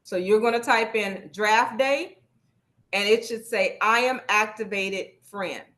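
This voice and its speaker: A woman's voice: mid-range voice, a little slow, fairly bright tone. A woman leading a live online workshop over a video call, speaking casually and encouragingly, repeating her instructions.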